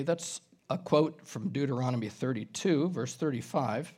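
A man preaching an expository sermon as a pastor, reading scripture aloud and explaining it verse by verse, now and then clearing his throat. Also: mid-range voice, normal speed, darkish tone.

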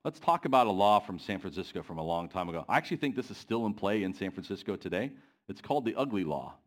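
A man delivering a sermon in a church, often pausing to put questions to the congregation. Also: low voice, lively intonation. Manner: asks the congregation questions, pacing varies. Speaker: preacher.

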